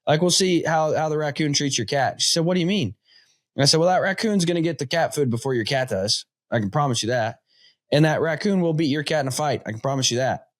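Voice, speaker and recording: A man's voice: a little high, fast talker. Chatty man telling rambling stories. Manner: rambling storyteller, chatty with fillers. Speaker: podcast host. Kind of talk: casual interview chat.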